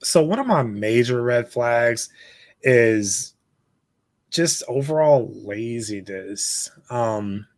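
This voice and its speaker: A man's voice: mid-range voice, lively intonation, slow, no room sound, clean studio sound. A man talking as a guest on a casual podcast, easygoing and frank, laughing often.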